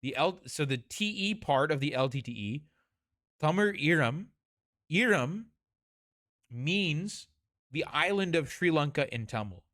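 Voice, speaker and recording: A man talks over footage in a casual commentary, breaking down terms and correcting himself mid-sentence, with open scorn for the police. His voice sits somewhat high for a man. The sound is dry and close, with no room around it. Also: lively intonation, measured pace, pauses often, a bit bright, no room sound. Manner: explanatory, restarts and corrects himself; blunt, scornful toward police.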